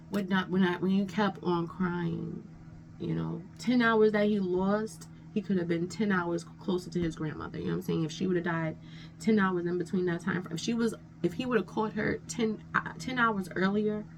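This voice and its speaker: A gravelly woman with a voice on the high side rambles through a casual storytime as a vlogger. She's conversational, frequently saying "you know what I'm saying," and faint background noise can be heard.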